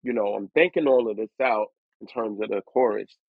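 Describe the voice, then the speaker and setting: Lower-voiced man on a tinny line. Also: brisk, no echo. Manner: lively, acts out other people's voices in his stories. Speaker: guest rapper. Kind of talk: storytelling interview. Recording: dry, tinny phone-like line.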